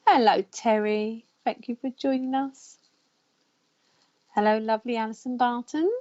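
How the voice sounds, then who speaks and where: A woman's voice: a little high, fairly even intonation, a little slow, dull audio. A woman hosting a live psychic counselling stream, chatting and greeting her viewers by name. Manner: chatty, warm greetings, reads out viewer names.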